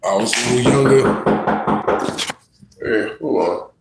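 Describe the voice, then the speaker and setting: Animated man telling a story in an echoey room. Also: medium pitch, a little slow, music in the background. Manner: animated, slangy, full of asides to the listener. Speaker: rapper. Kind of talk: casual livestream storytelling.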